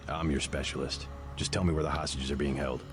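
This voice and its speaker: A stern special agent in a video game, his voice extremely deep and his lines terse and quick. Game music runs clearly behind him. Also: steady tone. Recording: game dialogue over game music.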